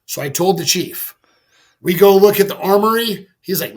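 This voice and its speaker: A middle-aged man, a podcast guest, telling a story in a candid, animated way, with lots of "like" and casual swearing. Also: high voice, moderate pace. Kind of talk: conversational storytelling.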